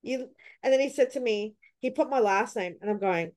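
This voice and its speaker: Animated storytelling woman, fairly high voice. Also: brisk. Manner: animated, acts out her own past reactions with sudden high cries. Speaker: podcast host. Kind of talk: casual storytelling chat.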